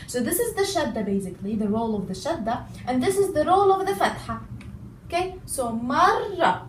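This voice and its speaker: A woman language teacher explaining a lesson patiently, repeating words slowly and stressing each syllable. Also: high-pitched, very animated, a little hiss or hum. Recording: echoey room, voice a bit far from mic.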